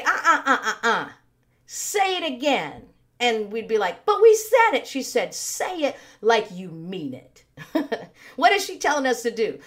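A woman leading an online worship service, preaching in an earnest, conversational way with a slightly raspy voice. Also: high voice. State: a little raspy. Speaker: worship leader. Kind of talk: sermon with worship singing.

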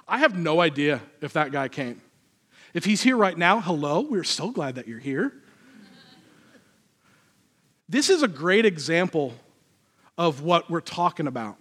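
A man's voice: sits high, animated, measured pace, long pauses, a bit bright. Man preaching a casual sermon. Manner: conversational, self-deprecating humor. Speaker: pastor.

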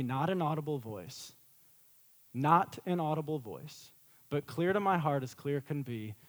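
A middle-aged man preaching a sermon as a pastor, swinging from loud emphatic peaks to a quiet storytelling tone. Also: fairly high pitch.

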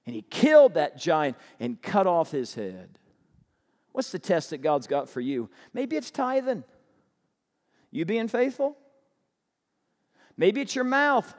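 A man preaching a sermon as pastor, animated and humorous, firing rhetorical questions at the congregation. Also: sits high, long reverb tail.

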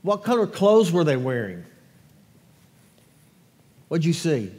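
A man with a notably high voice leads a children's sermon, firing questions at the kids and adults. His words ring out with a long reverb through a large church sanctuary, and his delivery stays animated and playful. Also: takes it slowly. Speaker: pastor. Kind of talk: children's sermon and scripture reading.

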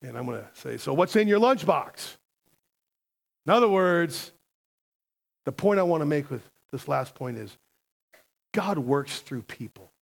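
A man's voice: mid-range voice, expressive, moderate pace, vocal fry, long pauses. A man preaching a sermon as a pastor, emphatic and conversational, often asking the congregation questions.

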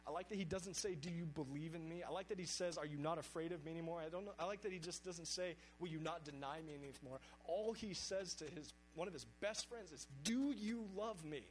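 A man's voice: fairly high pitch, fast talker, hardly any pauses, a little hiss or hum, rough recording. A man preaching a sermon, speaking earnestly and reading scripture aloud with emphasis.

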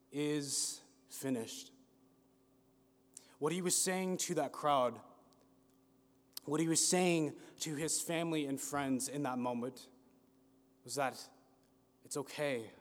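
A man preaching a sermon with a slow, dramatic delivery that rises and falls. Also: on the high side. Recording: long hall reverb.

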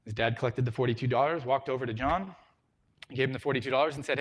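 A middle-aged man preaching a sermon, telling a story and swinging from loud emphasis to a hushed voice. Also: medium pitch, fast, breathy edge. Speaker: pastor.

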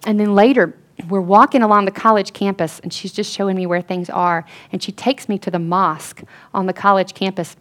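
A woman's voice: medium pitch, steady tone, a little fast. Earnest woman telling a testimony. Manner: storytelling, drops to a hush for quoted lines. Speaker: speaker at a Christian gathering.

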